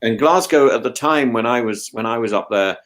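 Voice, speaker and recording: A man's voice: medium pitch, fairly quick, fairly bright tone. An older man chatting on a podcast, stumbling over his words with many repeated restarts. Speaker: podcast host. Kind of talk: casual chat.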